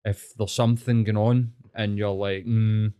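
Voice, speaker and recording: A man's voice: lowish voice, little pitch movement, measured pace, warm tone, clean tone. A man, a guest on a podcast, explaining ideas thoughtfully in casual chat.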